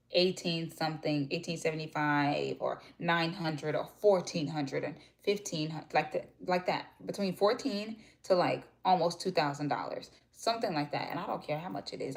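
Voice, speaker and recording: A young woman talks to her viewers in a loose, rambling way. Her voice sits a little low for a woman. She jumps between thoughts, restarts, and drops her voice now and then. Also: vocal fry. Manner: chatty, rambling, animated storytelling. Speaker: vlogger. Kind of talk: casual chat to viewers.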